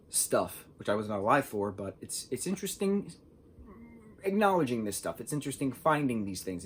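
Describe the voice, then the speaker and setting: Husky young man rambling about films. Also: mid-range voice. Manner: rambling, says "like" a lot. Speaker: film reviewer. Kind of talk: casual film review.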